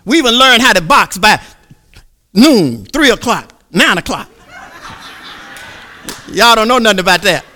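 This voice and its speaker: A male preacher with a high, sharp, piercing tone. He swings from low murmurs up to shouts, repeating words as he builds momentum in his sermon. His pitch leaps all over the place. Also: big pitch swings, a little slow, long pauses, slight background noise.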